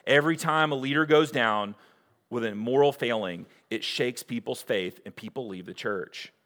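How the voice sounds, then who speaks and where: A man preaching a sermon as pastor, earnest and direct, asking rhetorical questions and moving between loud emphasis and hushed scripture reading. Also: medium pitch, normal speed.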